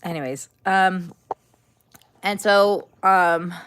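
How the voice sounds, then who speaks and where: Woman streamer, low-ish voice, casual venting, exasperated. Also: extremely slow, fairly bright tone, slight background noise. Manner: talks back to chat. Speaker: livestreamer. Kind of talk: casual livestream chat.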